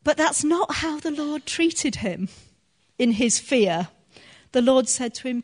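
A woman preaching a sermon to a congregation, teaching earnestly and laughing softly now and then. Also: high-pitched, expressive, slow pace.

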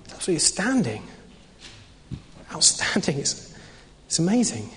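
Chatty young preacher in a reverberant hall. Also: male voice, a little high, very animated, normal speed, slight background noise. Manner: conversational, frequent fillers and restarts. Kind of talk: informal sermon.

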